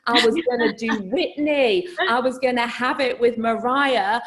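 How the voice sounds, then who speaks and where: A woman's voice: a little high, normal speed, hardly any pauses, a bit bright. A woman with a Scouse accent telling a comic story to a live crowd, chatty and self-mocking, laughing mid-sentence and swearing freely. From Liverpool, England.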